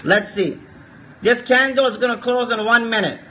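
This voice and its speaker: A man's voice: extremely high pitch, normal speed, bright, forceful tone, a little hiss or hum. A man streaming live forex chart analysis, coaxing viewers to share and repeating his points.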